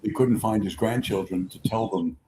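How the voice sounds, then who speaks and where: A man in his seventies hosting a sports talk show, telling rambling stories with lots of repeats and lively impressions. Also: lowish voice, normal speed, background noise. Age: 70s. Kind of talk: conversational storytelling. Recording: echoey room.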